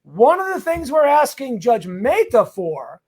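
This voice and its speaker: A man's voice: extremely high pitch, very animated, measured pace, a little mellow, slightly rough. A man working as an immigration lawyer, hosting a live Q&A stream. He greets viewers by name in a chatty way and speaks emphatically, rallying them on legal points.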